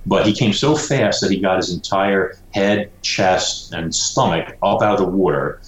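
A man with a notably deep, low voice tells a story with animated energy, often saying "you know." He is an author speaking as a guest in an interview. The room around him gives his voice a roomy echo. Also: measured pace.

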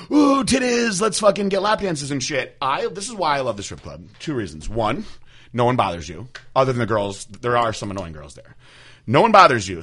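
A young adult man hosting a podcast, telling stories in a candid, crude way and slipping into animated impressions of the people he quotes. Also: medium pitch, husky. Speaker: podcast host. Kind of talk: casual podcast chat.

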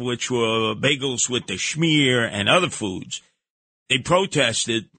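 A man hosts his radio show with a New York accent, talking in an emphatic, indignant stream. His voice is bright and tense. The studio sound is dry and close. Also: vocal fry, no echo. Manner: indignant, emphatic, pitch jumps on outrage. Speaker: radio talk show host. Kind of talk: opinionated radio monologue.

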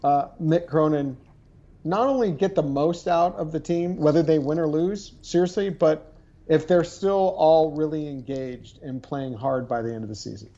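Mellow man, dull lo-fi sound. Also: a little high, moderate pace. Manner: hesitant, restarts often, cautious phrasing. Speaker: sports podcast co-host. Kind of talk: casual sports chat. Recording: dull lo-fi recording.

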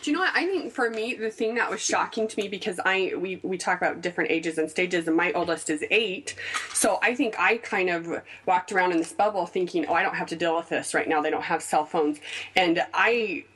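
A woman in her thirties telling a parenting story in casual chat, animated, with lively jumps in her voice. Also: fairly low pitch, a little fast, slight background noise.

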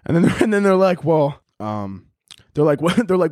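A young man hosting a casual solo podcast, rambling and swearing constantly, and jumping into loud, high-pitched voices when he quotes people. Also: animated, moderate pace, no echo, studio quality. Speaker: podcast host.

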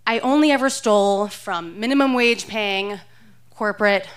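Woman, 30s, live stage storyteller; wry, self-deprecating, laughs through her lines, mid-pitched voice. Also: normal speed, clean tone. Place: theater stage before a live audience.

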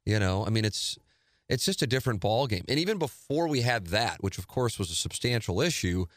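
A middle-aged man hosting his own podcast, talking in a calm, measured, conversational way. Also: on the low side, no room sound. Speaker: podcast host. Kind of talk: casual solo talk and live read.

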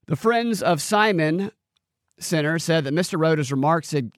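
A man's voice: on the high side, no room sound, clean studio sound. A man hosting a political podcast, reading news aloud and adding sarcastic, incredulous commentary with laughing asides. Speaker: podcast host.

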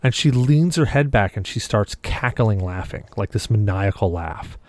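A man co-hosting a casual podcast spins a long story, acting out everyone's dialogue with vivid flair. His voice is fairly low and darkish, animated, at a normal speed, with no room sound.

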